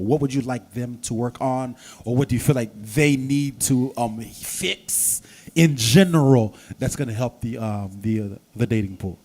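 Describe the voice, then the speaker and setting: A man's voice: mid-range voice, darkish tone. Man moderating a church panel. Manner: affirming, repeats short phrases, prompts others.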